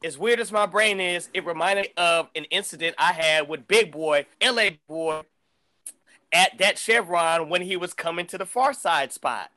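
Guesting on a podcast, a middle-aged Bay Area rapper spins a casual, meandering story full of profanity and frequent restarts. He talks at a normal pace in a voice that is high for a man, bright and forward-sounding, with an animated delivery.

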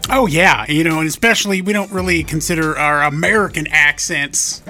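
A chatty man from Idaho co-hosts a morning radio show, running through a list. His voice is high and bright. Light music sits quietly underneath. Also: fairly quick. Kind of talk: casual radio banter.

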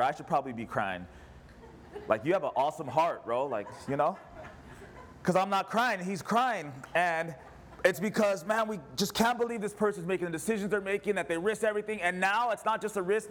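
A man's voice: on the high side, a bit bright. A pastor preaching a sermon in church, an impassioned man who fires off rhetorical questions. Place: church service.

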